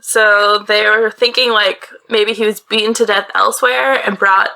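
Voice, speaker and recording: Vocal fry colors this woman's medium-pitched voice, which stays steady, bright, and forceful at a moderate pace. Hosting a podcast from a small closet-like bedroom, she tells a true-crime case in a casual, chatty manner with laughing asides, and she's from the northeastern US.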